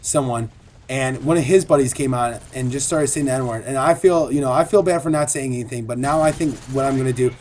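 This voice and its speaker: A man's voice: mid-range voice, brisk, a little mellow, slight background noise. A man giving a casual, earnest video commentary as a gaming commentator, rambling and repeating himself.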